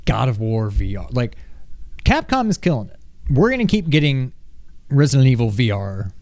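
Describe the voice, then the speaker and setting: A male podcast co-host in his thirties talks casually at a middling pitch. He gets animated, laughing and acting out moments as he tells them. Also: moderate pace, dry recording. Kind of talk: casual chat.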